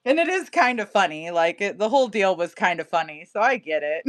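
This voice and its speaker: A woman's voice: mid-range voice, sing-song, a little fast. A woman in her thirties selling crystals on a livestream, chatting casually and laughing often. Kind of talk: casual live-sale chat.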